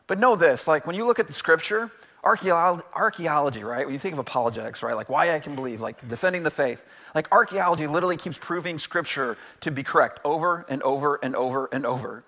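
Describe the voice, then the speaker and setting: A man in his forties gives a casual, conversational sermon in a church. His voice sits a little high for a man. He keeps checking in with "right?" and laughs easily as he goes. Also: quick pace, sharp tone. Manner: conversational, asks "right?" often, jokes and laughs. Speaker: pastor. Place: church sanctuary.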